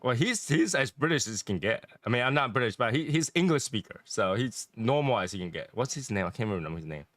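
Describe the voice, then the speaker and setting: A man's voice: mid-range voice, expressive, quick pace, few pauses, fairly bright tone, no room sound. A middle-aged man chatting casually and animatedly, often laughing and imitating accents. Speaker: cigar chat co-host. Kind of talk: casual chat.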